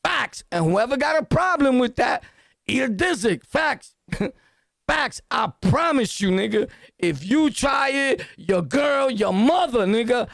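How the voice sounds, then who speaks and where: A man's voice: very high voice, animated, a little slow, gravelly, a bit bright, dry recording, studio quality. A man with a Brooklyn accent giving a profane, boastful reaction rant full of street slang, laughing often. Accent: Brooklyn New York. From Brooklyn, New York. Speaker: reaction commentator. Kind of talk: loud casual reaction rant.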